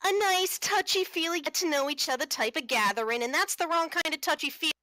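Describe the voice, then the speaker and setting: A woman's voice: sits high, fairly quick, pushed and bright, no echo, voice pushed up. A woman playing a brash, sarcastic vampire. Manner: sarcastic, casual, cursing.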